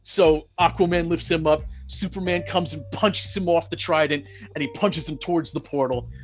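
A man's voice: fairly high pitch, normal speed. A man casually recapping a movie, rambling with lots of fillers and some swearing, getting worked up over the action. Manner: rambling, heavy "you know" and "like" fillers, profane; grows excited and loud at the climax.

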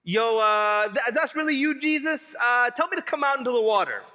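A man's voice: extremely high pitch, lively intonation, moderate pace, pushed and bright, in a large hall, voice pushed up, full character voice. A man voicing the disciple Peter as an eager, bold, self-assured leader.

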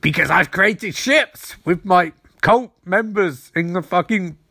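A man's voice: high-pitched, slow, no echo, studio quality. A man giving a profane, ranting movie review, poking fun at the film with mocking little voices for its characters. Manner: animated, sweary, mocking voices for quoted characters.

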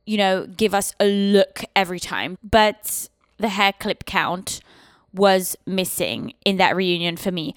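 A young woman hosting a podcast, blunt and sassy, swearing freely as she gives her opinions. Her voice is smooth and crisp, and the close mic leaves it dry with no room sound. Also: mid-range voice, measured pace, no room sound. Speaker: podcast host. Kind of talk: casual opinionated recap.

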